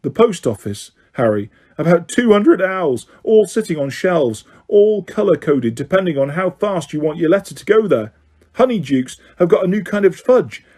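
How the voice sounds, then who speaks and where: A man reading an audiobook, voicing an excited, chatty teenage boy. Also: sits high, normal speed, pitched above the performer's own voice. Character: cheerful teenage boy, eager friend.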